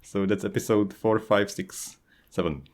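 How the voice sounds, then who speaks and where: A man's voice: lowish voice, unhurried, darkish tone. A man co-hosting a book podcast, talking enthusiastically with frequent giggles. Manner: enthusiastic, giggly, many fillers. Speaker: podcast co-host. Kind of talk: casual chat about books.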